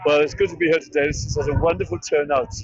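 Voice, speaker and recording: A man with a Welsh accent giving a short, brisk and earnest street interview at an outdoor march. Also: fairly high pitch, fairly even intonation, breathy edge, no room sound, lo-fi sound.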